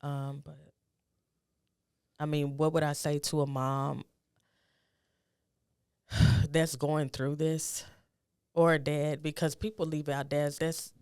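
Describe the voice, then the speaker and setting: A middle-aged woman with a gravelly, rough-edged voice shares a personal story as a guest. She talks in a soft, halting, reflective way and turns urgent when she offers advice. Her voice sounds dry and close, with no room around it. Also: low-pitched, flat delivery, dry recording.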